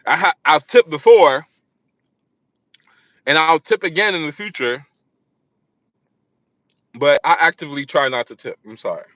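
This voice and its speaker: A man's voice: a little high, measured pace, pauses often, a bit bright, dry recording, highs cut off. A man talking in a casual vlog monologue, rambling and often restarting his sentences. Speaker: vlogger.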